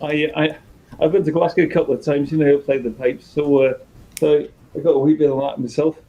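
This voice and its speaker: A man from Denmark hosting a casual livestream chat, friendly and rambling with many halting restarts. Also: on the high side, flat delivery, dark tone, lo-fi sound.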